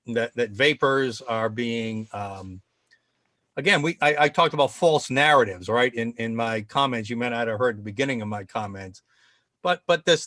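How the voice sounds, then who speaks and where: Opinionated talk show host, dry sound. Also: male voice, medium pitch, a bit bright, no echo. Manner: opinionated, sarcastic, rambling.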